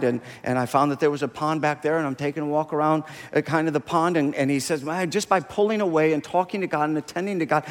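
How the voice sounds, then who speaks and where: A man preaching a sermon as a pastor, animated as he retells a story in another man's words. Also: on the high side, in a large hall. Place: church sanctuary.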